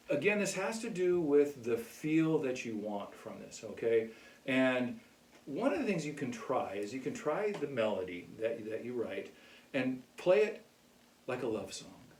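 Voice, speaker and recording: Relaxed man teaching music, echoey room. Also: medium pitch, moderate pace, a little hiss or hum. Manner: relaxed, keeps checking in with "okay?". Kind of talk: casual music lesson. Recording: echoey room, mic far off.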